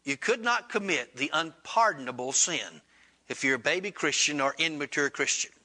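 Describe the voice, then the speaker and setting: Male pastor, sermon storyteller; high, forceful tone, animated delivery. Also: moderate pace. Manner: animated, acts out dialogue with rising pitch.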